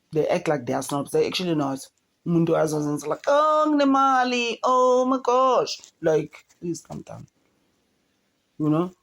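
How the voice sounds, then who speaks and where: A woman with a South African accent giving casual commentary as an entertainment vlogger. She talks in an animated way and mixes English with Zulu. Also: sits low. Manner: chatty, switches between English and Zulu; animated, mimics people in a raised voice.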